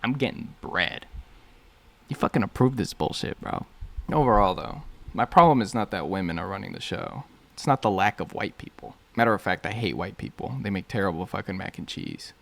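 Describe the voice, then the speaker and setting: A man's voice: on the low side, expressive, brisk, vocal fry, a bit bright. A man ranting profanely as an online commentator, swearing heavily and leaning on "bro" and "like". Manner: heavy swearing, lots of "bro" and "like".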